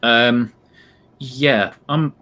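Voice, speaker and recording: A man's voice: medium pitch, steady tone, drawn-out words, pushed and bright. A man co-hosting a live football watch-along, talking in a rambling, hesitant way. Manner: rambling, hesitant, lots of plugs. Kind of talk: casual live stream chat.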